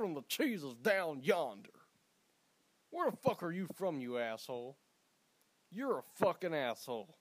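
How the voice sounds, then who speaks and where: A young man from Alabama hosting his podcast, rambling in a profane, comedic monologue with loud bursts. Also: fairly high pitch, sing-song, a little slow, long pauses, dry recording. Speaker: podcast host.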